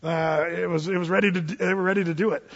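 A middle-aged man with a fairly high, husky voice tells a long story in a loose, rambling way, stumbling over restarts and fillers. He sounds far away in a big, echoing hall, and the recording is dull and muffled. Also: fairly even intonation, quick pace. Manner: rambling, lots of fillers and restarts, acts out quotes. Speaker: speaker telling a personal story. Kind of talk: anecdotal storytelling.

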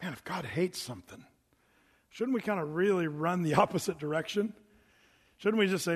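A man's voice: high-pitched, normal speed, slightly rough. A man preaching a sermon in a conversational, emphatic way, posing rhetorical questions to the congregation in a church sanctuary. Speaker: pastor. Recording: long reverb of a hall.

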